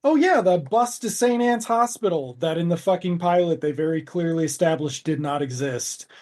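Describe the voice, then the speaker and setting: A man's voice: a little high, lively intonation, normal speed, darkish tone. A man co-hosting a podcast, recapping scenes in a rambling, sarcastic way, with swearing and trailing asides. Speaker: podcast co-host. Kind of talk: casual podcast chat.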